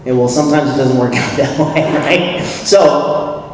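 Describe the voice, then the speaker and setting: A man with a New York accent telling his recovery story at a convention, animated, acting out dialogue and laughing often. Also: medium pitch, unhurried. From New York City. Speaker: recovery meeting speaker. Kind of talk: personal recovery story talk. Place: convention hall. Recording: echoey hall, distant mic, faint hiss.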